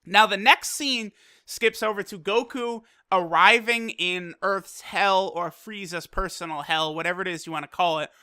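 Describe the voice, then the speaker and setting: Bright-voiced, hyped anime reviewer. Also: mid-range voice, moderate pace, clear, resonant tone. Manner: excitable and profane, with loose fillers. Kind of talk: casual video review.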